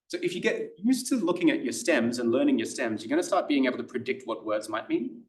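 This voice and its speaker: A man's voice: medium pitch, lively intonation, quick pace, hardly any pauses. A man with an Australian accent, teaching an introductory language class in a chatty, enthusiastic way, full of fillers and restarts. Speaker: Greek tutor. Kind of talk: classroom lecture. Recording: echoey room, voice somewhat far from the mic.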